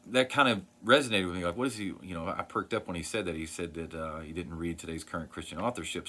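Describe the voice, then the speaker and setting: Brief: low-voiced man, earnest video host, rambles a bit with lots of ums. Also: a bit bright. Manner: earnest, rambling, many fillers and restarts. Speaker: Christian vlogger sharing book recommendations. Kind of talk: casual talk to camera.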